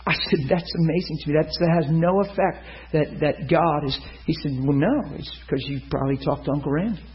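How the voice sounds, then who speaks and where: A man preaching a sermon, telling a story and acting out the people in it with sudden loud high bursts. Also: a little fast. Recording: muffled lo-fi sound.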